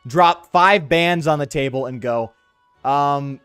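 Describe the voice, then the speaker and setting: A man streaming a game, chatting casually in an animated, slangy, ranting way. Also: a little high, slow, clean tone, no echo, soft background music. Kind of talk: casual live-stream chat while gaming.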